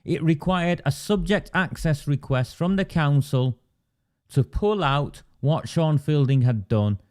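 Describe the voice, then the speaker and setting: A man's voice: on the high side, a little slow, darkish tone. A man hosting a political livestream, emphatic and indignant, stopping to answer viewer comments. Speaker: livestream host.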